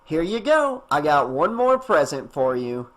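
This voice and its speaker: A man's voice: fairly high pitch, big pitch swings, measured pace, fairly bright tone. Man reading a teasing, breezy woman in her thirties, slightly lifted voice, audiobook. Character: brash, joking woman babysitter, thirties.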